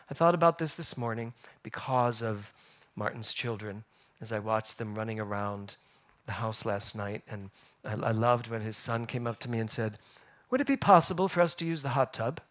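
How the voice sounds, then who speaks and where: A man preaching a sermon as pastor, telling stories and asking the congregation questions in a lively way. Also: mid-range voice. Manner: animated storytelling, rhetorical questions. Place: church sanctuary.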